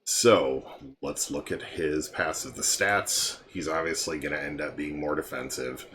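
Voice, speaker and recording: A tired, yawning man casually walking through a mobile game's heroes, relaxed and meandering with frequent ums. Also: extremely low pitch, a little slow, a little hiss or hum. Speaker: game guide creator. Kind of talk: casual game walkthrough commentary.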